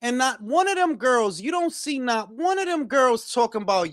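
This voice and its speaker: A man's voice: very high-pitched, sing-song, moderate pace, hardly any pauses, a bit bright, dry recording, studio quality. A man from Detroit with a Detroit accent, hosting a boxing talk stream and ranting in a blunt, profane, heated way. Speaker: boxing talk show host. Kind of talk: casual livestream commentary.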